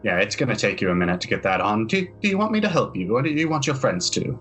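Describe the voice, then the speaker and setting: Man playing a fussy eager tailor, quick, obliging, bright tone. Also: fairly low pitch, big pitch swings, faint music behind.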